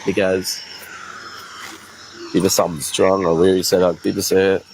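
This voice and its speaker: A grieving father, tearful and shaken, speaking haltingly into his phone outdoors at sunrise. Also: low voice, level tone, gravelly, a little mellow, slight background noise, low-quality recording. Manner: halting, repeats words. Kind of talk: emotional selfie video.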